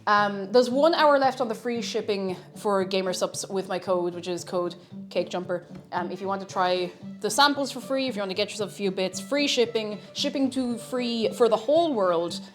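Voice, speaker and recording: A woman streaming live, chatting casually in a scattered, playful way that breaks into sing-song and shouting. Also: medium pitch, moderate pace, faint music behind.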